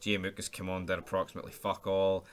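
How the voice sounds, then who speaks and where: A young man giving an excitable, sweary, chatty football match review as host of his own channel. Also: sits low, fast talker.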